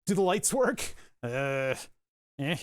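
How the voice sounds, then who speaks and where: A streamer with a medium-pitched, very animated, clean-toned voice talks slowly during a casual livestream while fixing software. They think aloud, swear, and laugh off both technical failures and their own frustration.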